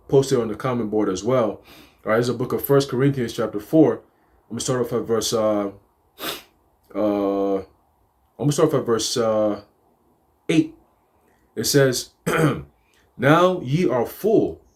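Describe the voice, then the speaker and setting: A man teaching scripture in a casual, emphatic way, slipping into acted-out quotes. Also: medium pitch. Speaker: preacher. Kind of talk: livestreamed teaching.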